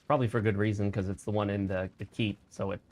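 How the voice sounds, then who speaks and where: A man's voice: lowish voice, level tone, fast talker, a little mellow. A man talking casually while he streams a video game, explaining mechanics and sharing opinions as he plays. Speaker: gaming streamer. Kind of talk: casual let's-play commentary.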